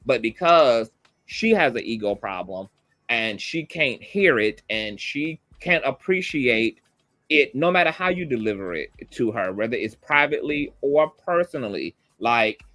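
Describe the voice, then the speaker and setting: A man's voice: mid-range voice, expressive, a little slow, sharp tone, no room sound. Sassy profane man doing gossip commentary. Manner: sassy, calls listeners "girl", profane. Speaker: commentary host.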